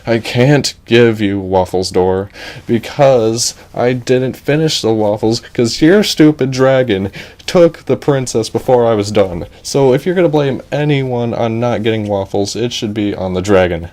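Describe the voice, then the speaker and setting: A man's voice: medium pitch, unhurried, a little mellow, lightly acted. A man voicing a brash young warrior who talks in a casual, blustering way.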